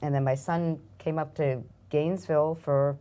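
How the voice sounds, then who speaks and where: An older woman speaks in a strong New York accent with a low voice. She talks in a chatty, effusive way, and she makes light of herself. She sounds like a relaxed interview guest. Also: moderate pace. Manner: chatty, self-deprecating, warm and effusive. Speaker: guest, arts nonprofit marketing director. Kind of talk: casual interview chat.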